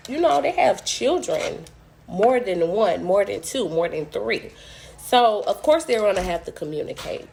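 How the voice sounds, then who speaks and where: A young woman tells a story for her vlog in a loose, casual way between bites of food. She is blunt and curses freely. Her voice sits at an everyday middle pitch, and a faint hiss runs underneath. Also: measured pace, vocal fry. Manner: blunt, profane, animated storytelling. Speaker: vlogger. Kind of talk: casual storytime while eating.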